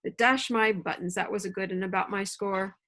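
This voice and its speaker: A woman's voice: medium pitch, fairly even intonation, fairly quick, a bit bright, natural voice. A woman voicing a jovial, sly, one-legged old pirate cook with hearty, folksy sailor talk, read into a computer mic.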